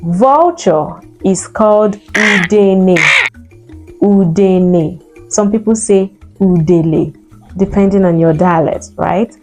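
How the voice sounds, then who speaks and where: A woman, an Igbo speaker, teaching vocabulary and slowly repeating each word for learners to copy. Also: medium pitch, darkish tone, faint music behind. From Nigeria. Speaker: language teacher. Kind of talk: vocabulary lesson.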